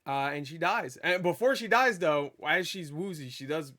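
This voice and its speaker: A man giving a casual spoiler review of a movie, rambling and excitable, swearing freely and stumbling over restarts. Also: a little high, normal speed. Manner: rambling, profane, with stammered restarts; animated and excitable.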